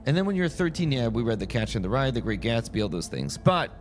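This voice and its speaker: Soft music plays behind a very animated, quick-paced French streamer with a medium-pitched voice. Chatting as he plays, he rambles through stories, constantly interrupting himself and starting over.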